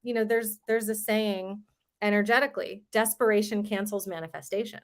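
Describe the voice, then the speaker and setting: A woman's voice: mid-range voice, fairly even intonation, a little fast. Woman, 30s, frank interview guest who talks openly about her own life. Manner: candid storytelling, swears casually. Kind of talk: casual podcast interview.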